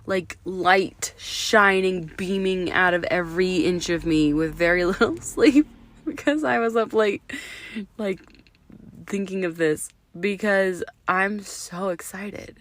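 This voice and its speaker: A woman in her thirties hosting her own podcast, slightly hoarse from illness, talking in an excited, effusive way and dropping to a whisper for emphasis. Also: mid-range voice, takes it slowly. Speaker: podcast host. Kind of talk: solo podcast monologue.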